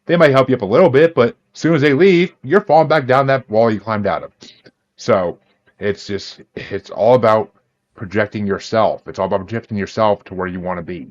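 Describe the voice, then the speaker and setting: A man's voice: on the low side, fairly quick. A man hosting a podcast, talking earnestly and picking up speed when he makes a point. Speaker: podcast host. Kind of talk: casual interview chat. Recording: dull lo-fi sound.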